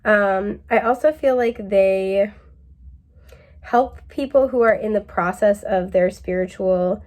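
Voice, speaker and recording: A woman's voice: mid-range voice, slow pace. A woman giving a casual pick-a-card tarot reading, chatty and laid-back, with lots of fillers and easy laughter. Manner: puts on a mellow drawl for quoted phrases.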